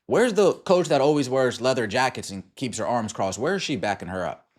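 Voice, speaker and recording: A man's voice: mid-range voice, expressive, a little fast. A man hosting a sports podcast, ranting in exasperated commentary over game clips and firing off repeated rhetorical questions. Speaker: podcast host.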